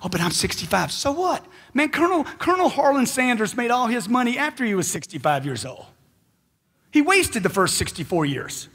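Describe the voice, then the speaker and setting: Husky high-pitched man firing rhetorical questions. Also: very animated, moderate pace, fairly bright tone. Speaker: motivational speaker. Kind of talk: live motivational seminar talk. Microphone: handheld mic.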